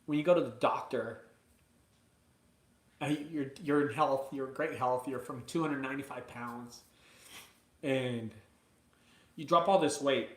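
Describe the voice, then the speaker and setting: A man hosting a live video from his mother's house, chatting casually and excitedly to viewers, rambling between hype and emotion. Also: medium pitch, a little slow, pauses often, reverberant. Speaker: junk removal business owner hosting a live video.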